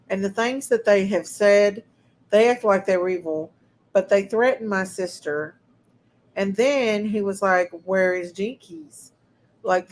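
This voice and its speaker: A woman's voice: mid-range voice, rough recording. A woman hosting a casual livestream, talking to her chat viewers and sounding indignant. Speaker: livestream host.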